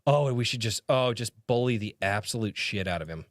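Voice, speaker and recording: A man chatting on a live stream, his voice swinging up and down in pitch as he reads comments out. He laughs often, swears freely, and mocks the comments with open amusement. The sound is dry and close, with no room around it. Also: expressive, a little fast, no room sound. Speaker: streamer reading viewer comments. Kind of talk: casual live-stream chat.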